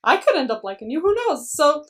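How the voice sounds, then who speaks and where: A woman with a high voice chats on a casual podcast, gushing over the characters and laughing often. She sounds slightly distant from the microphone, and her delivery stays light and excited. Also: brisk. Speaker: podcast co-host. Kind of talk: casual recap chat.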